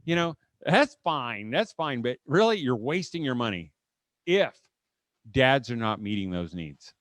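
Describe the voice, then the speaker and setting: Middle-aged man, seminar speaker with a mid-range voice and a dry, close sound. He is an animated storyteller who keeps restarting mid-sentence. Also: mid-range voice, a little slow, dry recording. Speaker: homeschool conference speaker. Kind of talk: live seminar talk with humor, closing in prayer. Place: live session before an audience.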